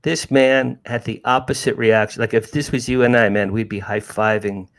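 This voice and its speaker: A man's voice: medium pitch, steady tone, normal speed. A man in his sixties from New Jersey, an author guest telling a story animatedly, often restarting and repeating words. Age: 60s. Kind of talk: casual storytelling.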